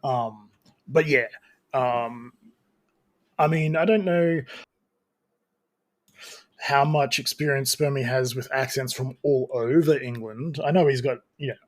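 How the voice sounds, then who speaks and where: A man's voice: mid-range voice, slow pace, pauses often. A man co-hosting a podcast, chatting casually and rambling with lots of restarts and fillers. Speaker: podcast co-host. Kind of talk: casual chat.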